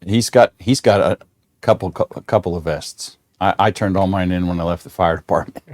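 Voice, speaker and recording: A man's voice: sits low, a little fast, a little mellow, dry recording. A middle-aged man hosting a casual livestream chat, folksy and joking, rambling with restarts. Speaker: show host.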